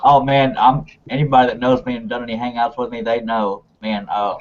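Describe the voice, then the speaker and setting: A man's voice: medium pitch, little pitch movement, a little fast, muffled recording, a little hiss or hum. A man hosting a live online hangout, chatty and rambling, laughing often. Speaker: host.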